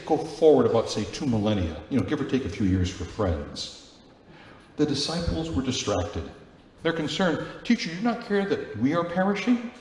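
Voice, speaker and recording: A man's voice: mid-range voice, a little mellow, a little hiss or hum. A man, a Catholic priest, giving a conversational Sunday homily and often putting questions to the congregation. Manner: chatty, asks the congregation questions. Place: large church. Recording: very echoey church with long reverb, faint ambience.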